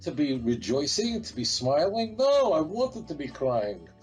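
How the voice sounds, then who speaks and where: A man's voice: on the high side, big pitch swings, normal speed, soft background music, rough recording. A man, a rabbi speaking as an interview guest, talking in an emphatic, defiant, repetitive way. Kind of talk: heated interview talk.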